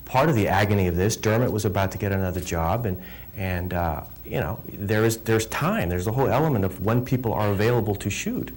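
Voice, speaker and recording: Brief: middle-aged man, film director in an interview, lively swooping pitch, emphatic and chatty. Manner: animated, emphatic, repeats words. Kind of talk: interview answers, storytelling.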